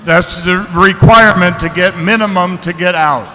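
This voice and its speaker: A man speaking at a seminar, answering audience questions in a relaxed, conversational way. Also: high voice, moderate pace. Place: large seminar hall. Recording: echoey hall, faint noise.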